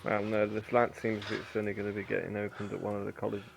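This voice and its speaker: Gravelly-voiced tabletop player. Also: male voice, on the low side, monotone, fast, slight background noise. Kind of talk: casual game chat.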